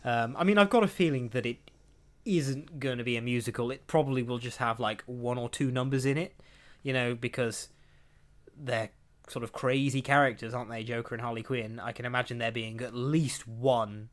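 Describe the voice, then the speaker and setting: A man's voice: mid-range voice, fairly even intonation, normal speed. A young man hosting a podcast, rambling through entertainment news with lots of laughs and acted-out quotes. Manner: rambling, chatty, laughs often, acts out quotes. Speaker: podcast host. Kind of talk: casual chat, reading entertainment news.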